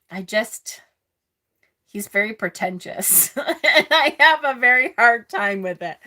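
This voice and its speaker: Bright-toned chatty woman tarot host. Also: fairly high pitch. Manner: chatty, laughs often, snarky asides. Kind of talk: casual live-stream chat with tarot reading.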